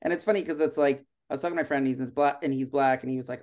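A man's voice: medium pitch, steady tone, racing, hardly any pauses, a little mellow. Sardonic, rambling male podcast guest. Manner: sardonic, rambling, swears, filler-heavy. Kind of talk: casual podcast chat.

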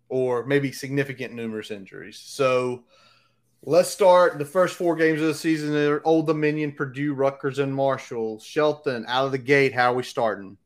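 A man's voice: mid-range voice, steady tone, normal speed. An American man hosting a casual sports podcast, making brash, fired-up predictions. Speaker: podcast host.

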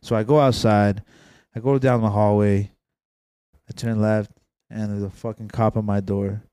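A young man with a low, smooth, resonant voice rambles through a story with friends, dropping slang and curse words. He sounds close and dry on the mic, as on a home podcast. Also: flat delivery, normal speed, mellow, dry recording. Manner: rambling, slangy, swears often. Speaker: podcast co-host. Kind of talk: casual storytelling among friends.

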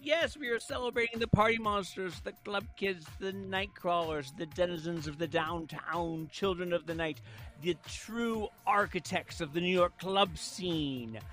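A man hosting a casual interview chat, animated and laughing often. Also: high voice, measured pace, soft background music. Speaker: host.

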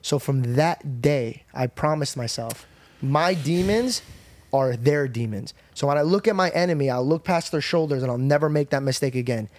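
A man's voice: mid-range voice, moderate pace, a little mellow. A young man hosting a podcast, telling a personal story in a casual, profane way. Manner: casual, swears freely. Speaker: podcast host.

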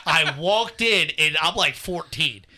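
A man's voice: fairly high pitch, animated, slow pace, sharp tone. A young man from Northern Kentucky telling stories in a casual podcast chat, acting out quotes and laughing often. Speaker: podcast co-host.

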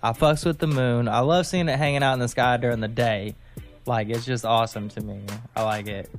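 A man's voice: mid-range voice, steady tone, fairly quick. A man co-hosting a casual music podcast, laid-back and full of slang. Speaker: podcast co-host.

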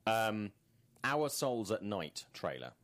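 A man's voice: lowish voice, slow pace. A man co-hosting a casual movie podcast, full of puns and wisecracks. His voice swings widely up and down as he talks. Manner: jokey, punning, very animated delivery. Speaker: podcast co-host. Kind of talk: casual movie news chat.

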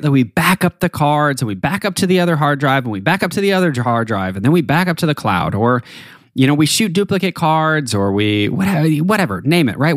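A man in his thirties, a podcast host telling a story in a chatty, animated way. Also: fairly high pitch, no echo. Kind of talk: casual storytelling.

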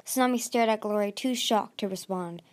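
A woman hosting a podcast and reading a novel chapter aloud at a steady pace, with occasional restarts. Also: medium pitch, normal speed. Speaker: podcast host reading a book. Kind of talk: storybook read-aloud.

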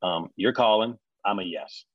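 Man, middle-aged, animated storyteller, lowish voice, dry slightly muffled recording. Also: normal speed, dry recording. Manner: animated, acts out quoted people in a raised voice. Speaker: guest recalling a reality show reunion. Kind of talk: storytelling in conversation. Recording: dry, slightly dull sound.

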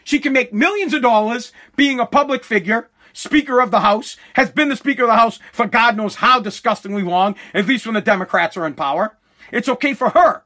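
A man's voice: very high-pitched, bright, forceful tone. A man ranting about politics, heated and profane, talking to his viewers. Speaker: commentator.

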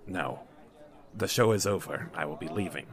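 A man's voice: deep voice, moderate pace, voice pushed down. A man voicing an aloof wealthy opera patron who mumbles short, hesitant replies. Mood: curt.

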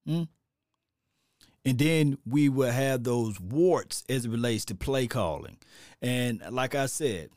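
A middle-aged man giving opinionated casual sports commentary as a host, animated and rambling, repeating himself and adding preachy asides. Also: mid-range voice, no room sound, studio quality.

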